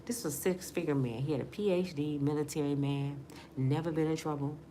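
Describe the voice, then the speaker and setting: There's a little hiss or hum behind this middle-aged woman from Michigan as she earnestly recounts her life story as a personal testimony. Her dark, low-pitched voice moves a little fast through casual, emotional talk.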